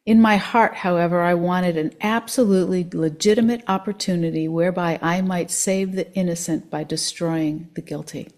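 A woman reading a first-person story aloud in an expressive, measured way. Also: on the low side.

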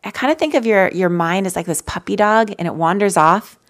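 A woman telling personal stories in a gentle, conversational way as she leads a live mindfulness talk for an audience. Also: medium pitch, expressive, brisk. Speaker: mindfulness teacher. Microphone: handheld mic.

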